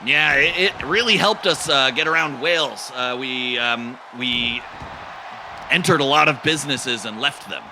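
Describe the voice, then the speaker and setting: A man doing play-by-play commentary on an improvised comedy wrestling show, deadpan and rambling and full of "uh"s. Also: medium pitch, measured pace. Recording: noisy background.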